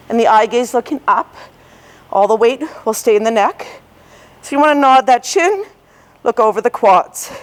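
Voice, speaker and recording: A woman with a fairly high voice leads a workout class at a slow, steady pace. She cues form and counts down reps in an encouraging way while exercising along, a little out of breath. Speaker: fitness instructor. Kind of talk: guided workout instruction.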